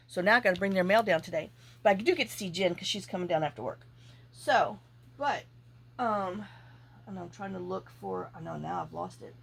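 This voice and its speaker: A woman telling a rambling, animated story in a casual vlog while she works on a craft project. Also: fairly low pitch, a little fast, vocal fry, slightly rough. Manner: animated, chatty, acts out her own reactions. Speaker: junk journal crafter.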